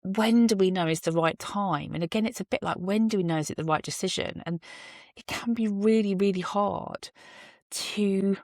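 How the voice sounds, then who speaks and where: A woman's voice: mid-range voice, moderate pace, darkish tone, dry recording, studio quality. A woman hosting her own podcast, talking through her thoughts in an earnest, musing way with self-deprecating asides, recorded on a phone in a car. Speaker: podcast host. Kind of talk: reflective solo monologue. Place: parked car.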